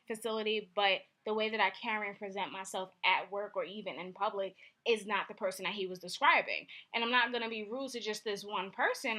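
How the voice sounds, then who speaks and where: A young woman vlogging casually, telling a candid story in an animated way and acting out what people said. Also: mid-range voice.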